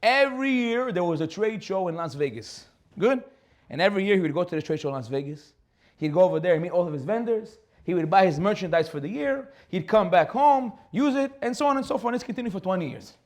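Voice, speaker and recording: Fast-talking, high-voiced rabbi. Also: male voice. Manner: lively, joking, laughs often, acts out characters' lines, mixes in Hebrew words. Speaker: rabbi giving a Torah class. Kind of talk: animated sermon with storytelling.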